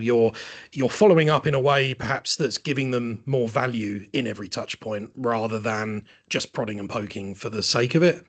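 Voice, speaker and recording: A man's voice: mid-range voice, husky. A man hosting a marketing webinar, talking thoughtfully and hedging his points with "maybe" and "sort of". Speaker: marketing host. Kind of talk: webinar conversation.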